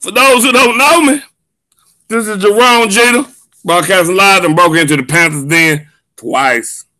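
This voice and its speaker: Hyped bright-voiced male sports host. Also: sits high, a little slow, no echo. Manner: loud, hyped, shouting and drawn out. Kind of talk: excited live sports show chat.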